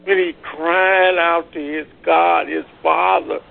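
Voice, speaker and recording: A man preaching a Bible study, drawing answers from listeners and rising from low teaching to loud cries. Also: flat delivery, slow, vocal fry. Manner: repeats words and phrases. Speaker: pastor leading Bible study. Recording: tinny phone-line call.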